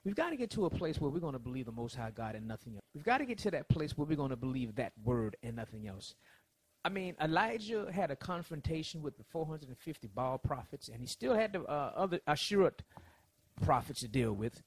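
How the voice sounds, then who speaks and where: Preacher guy, husky, swings from quiet to loud, acts out the quotes. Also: on the high side, big pitch swings, a little fast, dry recording. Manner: dramatic swings from soft to loud, acting out quotes. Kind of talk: sermon.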